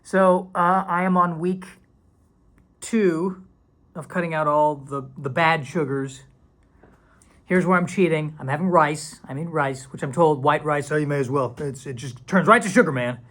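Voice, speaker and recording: A man's voice: fairly high pitch, normal speed, fairly bright tone. A man talking casually to camera in a vlog, rambling and playful, sometimes dropping into silly whispers and mock dramatic voices. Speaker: video creator.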